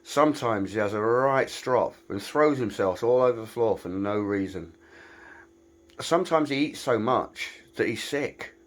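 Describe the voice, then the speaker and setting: A man's voice: mid-range voice, expressive, unhurried. A man with a British accent giving a chatty, self-mocking tour of his small garage workshop. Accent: British English. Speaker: woodworking maker giving a shop tour. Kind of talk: casual vlog walkthrough.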